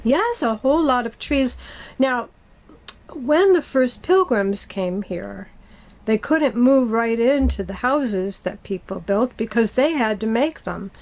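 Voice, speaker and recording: A middle-aged woman telling a story to children, gentle and patient, asking them questions as she goes. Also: fairly high pitch, animated, takes it slowly.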